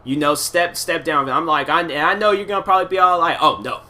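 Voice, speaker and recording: A man rambles on his own in a relaxed, casual monologue, looping back on himself with fillers and slang. His voice sits a little high for a man and has a bright, forward edge. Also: fast talker. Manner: loose, repetitive, filler-heavy storytelling with casual slang. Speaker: solo podcast host.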